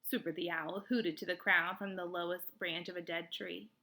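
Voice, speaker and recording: A woman reads a children's novel aloud, telling the story in a clear, expressive way. Her voice is bright and forward, with a gravelly fry at the ends of phrases. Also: on the low side, normal speed. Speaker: read-aloud host. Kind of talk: storybook read-aloud narration.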